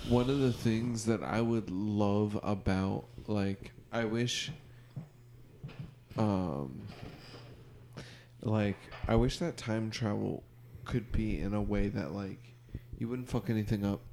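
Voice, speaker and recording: A man's voice: fairly low pitch, takes it slowly, pauses often, warm tone, a little hiss or hum. A man co-hosting a podcast in casual chat, laid-back and peppering his talk with "dude" and "like".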